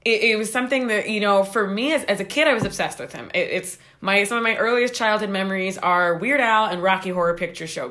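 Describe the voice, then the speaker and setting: A woman's voice: medium pitch, fairly bright tone. A woman from Quebec in her forties, a podcast guest, talking casually with enthusiasm and stammered repeats. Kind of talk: casual conversation.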